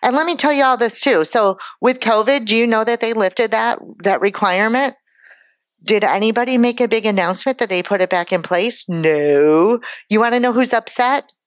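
A woman's voice: fairly high pitch, normal speed, no echo. A woman insurance broker giving a conference presentation, chatty and joking, laughing at her own asides. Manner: chatty, joking asides, self-deprecating humor.

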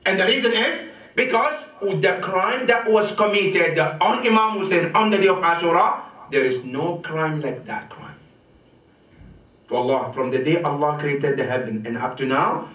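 A man preaching a sermon to a congregation, rising sharply on his main points, dropping low for quotations and often asking "right?". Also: lively intonation, normal speed, fairly bright tone. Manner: repeats rhetorical "right?" to the congregation. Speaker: sheikh giving a religious lecture. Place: mosque or community center hall. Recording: echoey hall, mic from a distance.

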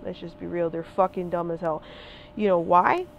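A woman's voice: lowish voice, steady tone, normal speed, gravelly, muffled recording, a little hiss or hum. A woman in her twenties ranting in a vlog, heated, emphatic and profane, hammering her points with repetition. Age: 20s. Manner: repeats phrases for emphasis. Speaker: vlogger. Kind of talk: ranting monologue.

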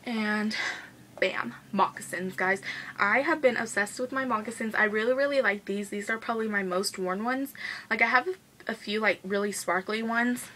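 A young woman talks through her monthly favorites with a bright, crisp tone. She gushes and rushes, leaning on "like" and "guys" in a loose, casual vlog style. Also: mid-range voice, slight background noise, rough recording. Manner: gushing, fast-talking, says "like" and "guys" a lot. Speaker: beauty vlogger.

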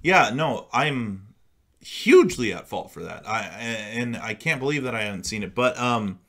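A man's voice: medium pitch, animated, measured pace, a bit bright. A young man co-hosting a casual movie chat, rambling and swearing often. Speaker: podcast co-host.

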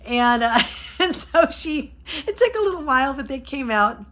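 A woman's voice: high voice, animated, normal speed, a bit bright. A woman in her fifties telling a funny personal story in a casual vlog, laughing often and acting out what people said. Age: 50s. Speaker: vlogger.

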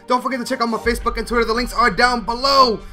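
A young man giving casual, excitable gameplay commentary as a gaming YouTuber, often yelping and laughing. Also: extremely high pitch, fast talker, faint music behind.

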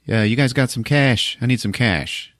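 A man's voice: mid-range voice, normal speed, a bit bright, no echo, clean studio sound, pitched above the performer's own voice, natural voice. A man voicing a scruffy male ex-convict, drawling and wheedling. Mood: pleading. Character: scruffy male ex-con just out of prison.

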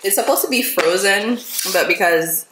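A young woman from Jamaica, chatting excitedly and directly to her viewers in a casual vlog. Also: mid-range voice, normal speed, echoey room, heavy background noise. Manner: excitable, talks straight to viewers. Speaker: vlogger.

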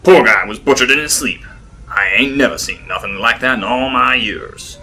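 A man voicing a blunt, rough-spoken heavyset publisher in his sixties who talks loudly and folksy. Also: mid-range voice, normal speed, faint music behind. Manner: loud, folksy, ungrammatical.

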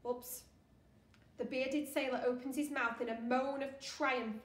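Brief: a woman teacher narrating a children's book aloud, expressive, fairly high voice, roomy echo. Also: normal speed. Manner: expressive storytelling. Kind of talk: reading a children's novel aloud. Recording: echoey room.

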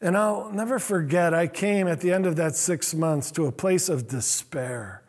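Husky high-voiced preacher man. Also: moderate pace, a little mellow. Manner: earnest, self-deprecating storytelling. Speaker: pastor. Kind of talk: sermon storytelling. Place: church sanctuary.

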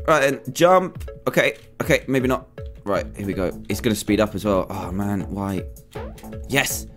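A young man giving excited gameplay commentary as a YouTuber, exclaiming and groaning at every near-miss. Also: fairly low pitch, moderate pace. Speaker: gaming YouTuber. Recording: faint game music behind.

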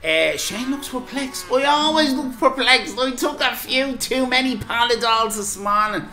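A man's voice: extremely high pitch, lively intonation, unhurried, bright, forceful tone, echoey room, soft background music. An Irish man bantering on a live stream, rambling and teasing in local slang.

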